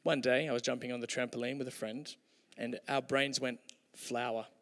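A man's voice: medium pitch, little pitch movement, brisk, a bit bright. Man preaching in an echoing hall. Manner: conversational, humorous, with hesitations. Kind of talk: sermon with storytelling.

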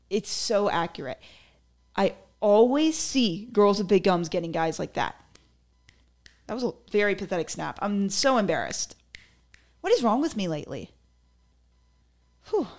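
A young woman hosting her own podcast, talking casually on her own, full of "like" fillers and giggly asides. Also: mid-range voice. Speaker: podcast host. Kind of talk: casual solo podcast chat.

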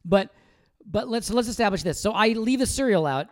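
A man's voice: high voice, lively intonation, a little fast. A man in his thirties co-hosting a podcast, answering his partner in wry, mock-defensive banter. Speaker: podcast co-host. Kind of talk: casual couple banter.

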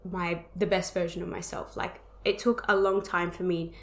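A woman's voice: on the low side, level tone, moderate pace. A young adult woman co-hosting a podcast, speaking in a reflective, supportive way in casual chat, with frequent "um" and "like". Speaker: podcast co-host. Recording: roomy echo.

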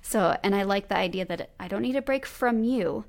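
A woman's voice: medium pitch, fairly quick, vocal fry. A woman in her thirties hosting a podcast, chatting in an enthusiastic, affirming way. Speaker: podcast host. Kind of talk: casual interview chat.

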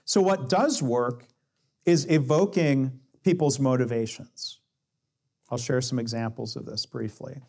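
Male speaker, slightly higher pitch, conversational teaching tone, quotes example dialogue. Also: darkish tone. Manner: explains with acted-out dialogue quotes, shifting pace. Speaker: speaker on coaching and lean management.

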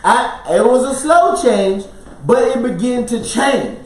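A man's voice: extremely high pitch, expressive, unhurried. A man co-hosting a podcast, telling a personal story in casual chat, acting out quotes and laughing often. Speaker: podcast co-host. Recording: roomy sound, mic at a distance.

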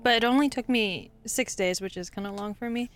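A woman's voice: a little high, brisk, a little hiss or hum. Playful young woman chiming in. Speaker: podcast co-host. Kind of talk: casual chat among friends.

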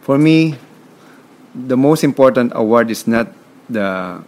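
A Filipino man with a Filipino accent, guesting on a podcast in a conversational interview, speaks emphatically and motivationally, repeating words. His voice is medium-pitched and animated, slow, with a darkish tone.

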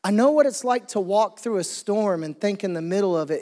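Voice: mid-range voice, brisk, mellow. A pastor preaching an earnest sermon, often repeating and restarting phrases for emphasis. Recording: long hall reverb.

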